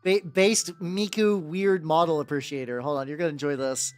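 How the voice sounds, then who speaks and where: A man with a higher-register voice streaming as he paints miniatures, chatting casually with viewers and rambling with lots of "like" and restarts. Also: fairly even intonation, moderate pace, faint music behind. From United States. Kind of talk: casual livestream chat.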